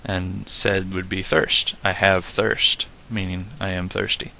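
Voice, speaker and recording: A man teaching a casual spoken lesson, explaining in a relaxed, rambling way full of "like" and "you know.". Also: low voice, takes it slowly, vocal fry, a little hiss or hum. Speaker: Spanish tutor.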